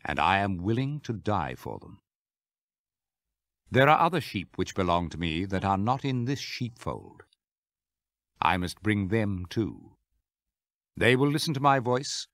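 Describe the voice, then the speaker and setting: Low-voiced guy reading jesus, calm teacher, measured, dry close mic. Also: no room sound, heavily acted. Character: Jesus, a calm adult male teacher speaking with authority. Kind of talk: scripture reading.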